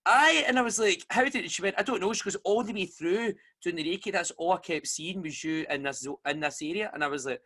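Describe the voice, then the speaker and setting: A Scottish man hosting a casual chat, telling a story with lively energy and acting out the voices of the people he quotes. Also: high voice, fairly quick, hardly any pauses.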